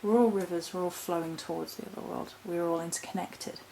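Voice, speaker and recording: In a rough recording with slight background noise, a witch vlogger talks fairly quickly about her spiritual practice. Her voice is lowish, gravelly and dark with fairly even intonation, and her reflective, rambling talk is broken up by laughs and self-interruptions.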